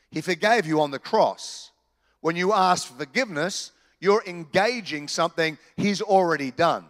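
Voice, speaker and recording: An Australian pastor with a voice higher than most men's preaches a sermon in a lively, conversational way, tossing in humorous asides. He's recorded in a reverberant church hall, so his words trail a long echo.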